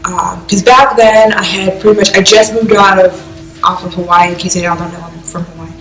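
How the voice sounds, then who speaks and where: A young woman from the US East Coast rambles emotionally through a vlog reacting to music, packing her talk with "like." Her mid-range voice is steady, moderately paced and a bit bright, and the room she records in is echoey.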